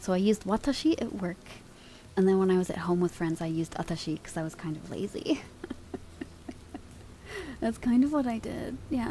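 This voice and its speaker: A woman's voice: lowish voice, gravelly, warm tone, a little hiss or hum. A woman streamer chatting casually with her live chat, giggly and swearing freely, at a desk microphone at home.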